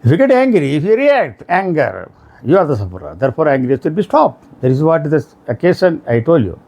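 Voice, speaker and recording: A middle-aged man with an Indian English accent giving a motivational lecture, telling stories and acting out the quoted shouts. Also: on the high side, fairly quick, creaky. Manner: animated storytelling, acts out quoted shouts. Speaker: speaker on emotional intelligence.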